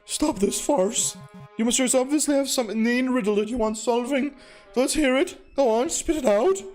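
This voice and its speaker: A man's voice: very high-pitched, normal speed, a little mellow, faint music behind, pitched above the performer's own voice. A man voicing a haughty, condescending male bird librarian who talks down in a mock-French manner. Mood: scornful. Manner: pompous, scornful, mock-French.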